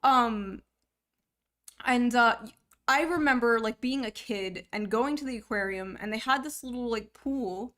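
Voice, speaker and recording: A woman's voice: on the high side, unhurried, pushed and bright. A young woman hosting a livestream in casual chat, joking crudely and swearing freely. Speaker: livestream host.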